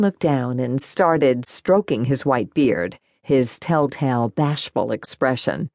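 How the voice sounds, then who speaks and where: A woman narrating a first-person cozy mystery audiobook in an expressive, warm storytelling manner. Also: extremely low pitch, a little slow, few pauses, no echo, clean studio sound.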